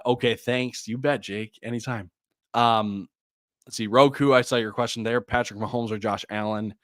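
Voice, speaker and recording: A man hosts a live fantasy football stream, reading out viewers' names and snapping back quick start-or-sit calls. He sighs often and sounds a little distracted. His voice sits at a middle pitch and is recorded close and dry, with no room sound. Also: bright, forceful tone, no echo. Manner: rapid answers, reads viewer names and questions. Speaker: fantasy football podcast host.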